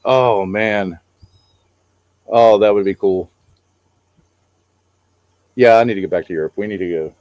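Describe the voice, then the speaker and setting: A man's voice: lowish voice, a little slow, pauses often, darkish tone, no room sound, dull audio. A middle-aged man co-hosting a casual chat, rambling about travel with many fillers. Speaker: co-host.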